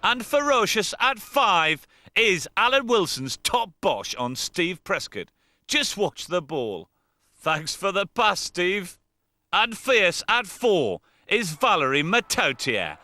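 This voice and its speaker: A man presenting rugby clips in lively, boisterous commentary, breaking into shouts. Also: sits high, takes it slowly.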